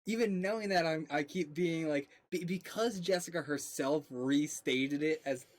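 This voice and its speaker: A man's voice: on the high side, normal speed. A man hosting a casual reaction chat, rambling and thinking aloud as he talks. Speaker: reaction show host.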